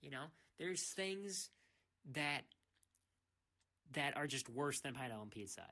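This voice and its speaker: A man's voice: on the high side, expressive, moderate pace, bright, forceful tone. A young man who streams, ranting casually in a rambling way. He restarts his sentences often and keeps saying "freaking". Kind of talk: casual rant.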